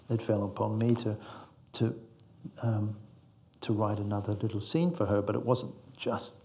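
A man's voice: fairly low pitch, creaky, mellow. A male screenwriter giving reflective, meandering interview answers, fond of analogies.

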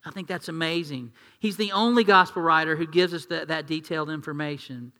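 A man's voice: on the high side, brisk, bright, forceful tone. A male pastor preaching a sermon in a conversational way, asking the congregation questions and acting out quotes. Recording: long reverb of a large hall.

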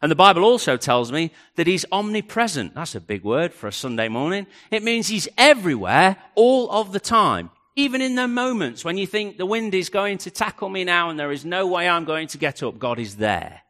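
Male pastor, mid-life, bright lively delivery that drops to a hush. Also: high voice, normal speed, hardly any pauses. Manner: dramatic, rising and dropping to near hush. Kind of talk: sermon.

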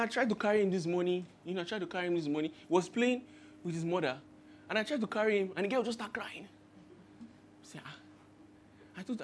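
A man's voice: high voice, a bit bright, a little hiss or hum. A man, preaching a sermon as pastor and telling stories that act out the voices he quotes. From Nigeria. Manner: storytelling, acts out quoted voices with rising emphasis.

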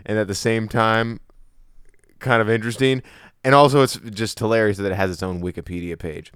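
A man's voice: lowish voice, steady tone, fairly quick, a bit bright, smooth, dry recording, studio quality. A young man chatting crudely on a podcast, rambling with many restarts. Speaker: podcast co-host. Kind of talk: casual chat.

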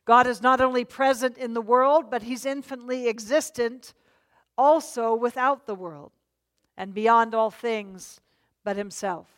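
A woman teaching scripture to a congregation in an easy, conversational manner. Her voice sits a little higher than most, and she asks listeners to join in and read. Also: unhurried, a bit bright. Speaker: Bible teacher. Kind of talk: church Bible teaching. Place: church meeting.

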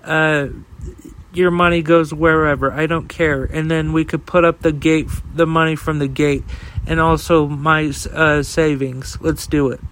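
Profane ranting man, slightly high voice. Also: little pitch movement, measured pace, a bit bright, a little hiss or hum, low-quality recording. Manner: heated, profane, rambling with fillers and repeated starts. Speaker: podcast host. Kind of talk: casual solo rant.

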